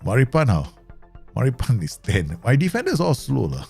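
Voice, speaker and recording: A man casually commenting while he plays a football management game, excitable and laughing often. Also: normal speed, vocal fry, breathy edge, soft background music. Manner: excitable, laughs often, animated pitch swings. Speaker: gaming streamer.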